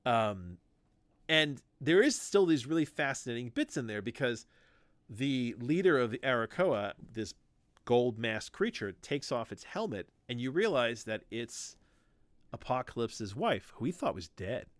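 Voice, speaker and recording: Animated man retelling a story. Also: medium pitch, measured pace, no echo, studio quality. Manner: animated storytelling, acts out quoted lines, swears freely. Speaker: podcast host. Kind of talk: casual chat about comics.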